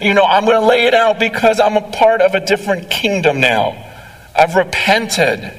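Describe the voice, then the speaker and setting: A man's voice: high-pitched, moderate pace, a bit bright, recorded from a distance, poor audio. A man preaching an impassioned sermon as a pastor, pleading with his listeners.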